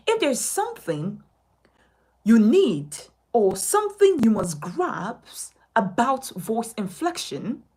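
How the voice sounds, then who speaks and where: Woman teaching voice skills, husky and slow, big ups and downs. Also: a little mellow, rough recording. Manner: emphatic, sweeping rises and falls in pitch. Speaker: speech coach. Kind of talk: spoken lesson to camera.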